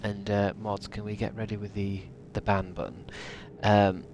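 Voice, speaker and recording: Low-voiced man streaming a game. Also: little pitch movement, moderate pace, darkish tone, slight background noise. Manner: rambling, sweary, self-mocking, laughs often. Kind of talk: casual live-stream commentary while gaming.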